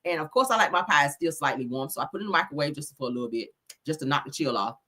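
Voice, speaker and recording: Loud, animated gossip host woman. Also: sits low, racing. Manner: loud, profane, laughing, reads comments aloud. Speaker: livestream gossip host reading chat. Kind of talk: casual chat.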